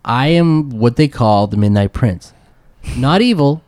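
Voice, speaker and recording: A man's voice: mid-range voice, expressive, measured pace, darkish tone, no echo, natural voice. A man voicing a smug, dismissive male fey prince in a tabletop game. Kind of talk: tabletop game role-play.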